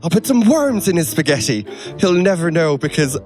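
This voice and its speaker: A man's voice: a little high, sing-song, normal speed, a little mellow, faint music behind. A man voicing a spiteful old woman prankster with a put-on Irish accent, squealing and teasing. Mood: scheming.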